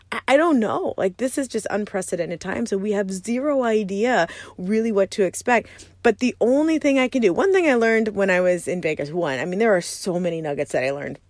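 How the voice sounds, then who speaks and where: A woman in her thirties with a raspy just-woken voice, hosting a casual solo podcast from a parked van, rambling and chatty with frequent laughs. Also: medium pitch, dry recording. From Arizona, USA. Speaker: podcast host.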